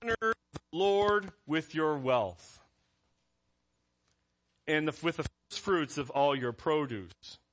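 A man's voice: fairly high pitch, animated, slow pace, pauses often, a bit bright. A man preaching a conversational sermon as pastor, reading scripture aloud between asides.

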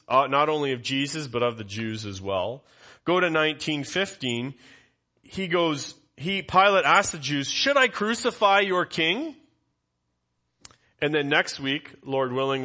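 A man's voice: medium pitch, moderate pace, pushed and bright. A male pastor giving an expository Bible teaching in a conversational way, putting questions to his congregation.

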